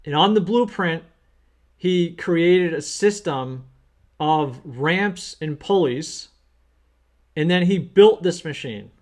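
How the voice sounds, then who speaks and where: A man's voice: on the high side, expressive, slow pace, a little mellow. A man who works as an accountant, teaching small business owners through an earnest, plain-spoken story. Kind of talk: storytelling lesson.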